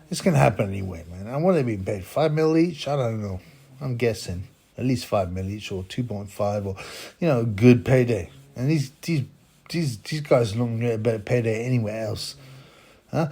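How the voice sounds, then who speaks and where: A man's voice: on the low side, darkish tone. Guy rambling about boxing on his channel, opinionated, conspiracy-ish asides, keeps saying huh and man. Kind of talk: casual commentary monologue.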